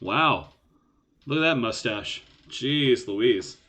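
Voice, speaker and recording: Brief: man, poker-stream co-host, wry self-mocking banter, quick to laugh. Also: mid-range voice, animated, fairly bright tone. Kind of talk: casual live-stream banter.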